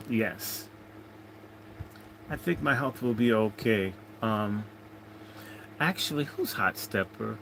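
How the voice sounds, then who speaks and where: A man's voice: fairly low pitch, fairly bright tone, slight background noise, rough recording. A man hosting a casual livestream, rambling and joking as he reads out viewer comments. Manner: rambling, jokey, chatting to viewers. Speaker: livestream host.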